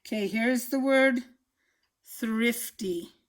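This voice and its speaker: A woman teaching young children to spell, her voice a little high as she speaks slowly and patiently. She sounds out each word with careful, clear enunciation. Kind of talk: children's phonics lesson.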